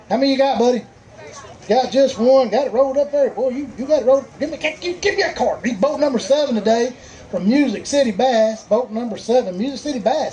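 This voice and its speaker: A man's voice: very high-pitched, warm tone, rough recording. A man with a Southern US accent emceeing a live outdoor fishing tournament weigh-in, with folksy, joking crowd banter.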